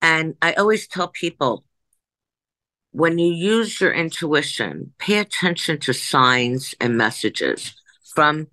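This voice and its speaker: Woman in her sixties, psychic guest, emphatic rambling storyteller, forceful tone, dry close sound. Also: low voice, lively intonation, slow, no room sound. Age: 60s. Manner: rambling, emphatic, jumps back and forth. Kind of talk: conversational storytelling.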